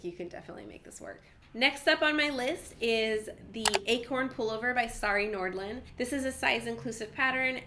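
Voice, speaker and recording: A young woman with a cold talks through knitting patterns in a chatty, eager way, her voice stuffy and nasal. She keeps things casual and peppers her talk with "like". Her pitch sits in an ordinary middle range. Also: a bit bright. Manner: chatty, enthusiastic, many fillers of "like". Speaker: knitting podcast host.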